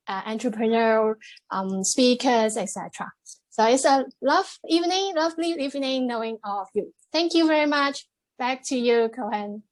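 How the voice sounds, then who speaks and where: A woman giving the general evaluation at a club meeting over a video call, measured and encouraging, with frequent fillers. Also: sits high.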